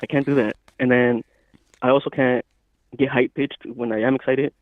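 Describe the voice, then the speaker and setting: Man, podcast co-host, calm, matter-of-fact, dry close sound. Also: medium pitch, moderate pace, dry recording. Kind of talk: casual podcast chat. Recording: dry, phone-like thin sound.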